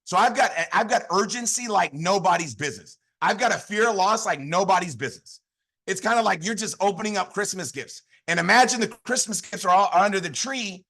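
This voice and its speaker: Fired-up man with a high, bright voice. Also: vocal fry. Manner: fired-up, repetitive, call-and-response. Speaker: network marketing leader. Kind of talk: motivational training talk.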